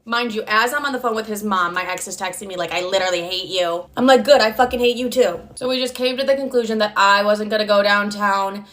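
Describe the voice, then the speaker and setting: A woman's voice: medium pitch, fast talker, hardly any pauses, a bit bright. A young woman telling a personal story in a casual, chatty way, swearing freely and acting out both sides of the dialogue.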